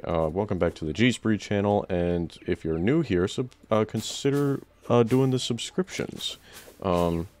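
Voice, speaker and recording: A young man giving excited let's-play commentary, often jumping into loud, high-pitched outbursts. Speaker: gaming YouTuber.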